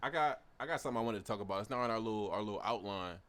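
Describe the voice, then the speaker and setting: A man's voice: on the low side, very fast, a bit bright. A young man in his twenties, a podcast co-host, speaking in a reflective and hesitant way during a casual discussion. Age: 20s.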